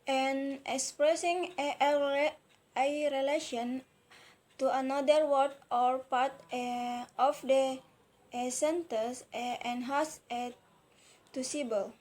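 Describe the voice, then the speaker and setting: Young Indonesian-accented woman student, high voice, hesitant class talk. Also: steady tone, a little mellow. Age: young adult. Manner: halting, frequent hesitations and restarts. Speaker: university student. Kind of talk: recorded class presentation.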